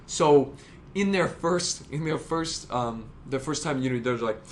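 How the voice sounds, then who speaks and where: A man co-hosting a podcast in casual chat, rambling and excitable, swearing freely as he tells stories. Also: on the high side, unhurried, a little hiss or hum. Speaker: podcast co-host.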